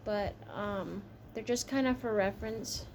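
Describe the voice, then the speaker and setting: A woman's voice: mid-range voice, unhurried, a little mellow, slight background noise. A woman giving a casual tarot reading, chatty and frank, tired from a long shift. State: tired, yawning. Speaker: tarot reader.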